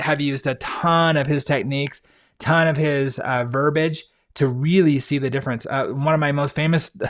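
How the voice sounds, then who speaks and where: A male podcast host talks in a relaxed, eager monologue, often pausing on fillers and restarting his sentences. His voice sits at an ordinary middle pitch. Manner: enthusiastic, conversational, frequent fillers and restarts. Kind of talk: casual monologue recommending books.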